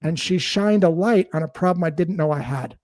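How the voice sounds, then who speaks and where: A man guest on a podcast, explaining sales ideas through lively anecdotes and acting out bits of dialogue. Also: fairly high pitch, fairly quick, dry recording, studio quality. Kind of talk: storytelling interview talk.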